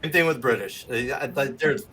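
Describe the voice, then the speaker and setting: A man in a casual chat, animated and joking, with some swearing. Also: mid-range voice, a little fast, a crowd in the background.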